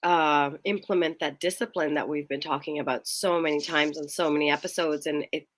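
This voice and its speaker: A woman's voice: sits low, fairly even intonation, fairly quick. A woman co-hosting a casual chat show, giggly and rambling, often correcting herself, recorded in a room at home. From England. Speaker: co-host.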